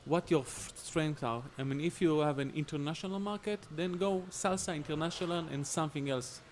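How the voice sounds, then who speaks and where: Guy w slightly high voice explaining seo stuff, firm and instructive, faint hum behind. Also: fairly quick. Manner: instructive, emphatic. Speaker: SEO panelist. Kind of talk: casual podcast discussion.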